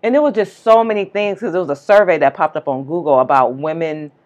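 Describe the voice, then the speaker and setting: A woman co-hosting a casual podcast, telling stories in an animated way and acting out what people said. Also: sits low, quick pace, highs cut off. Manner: storytelling, animated, acts out quotes. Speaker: podcast co-host.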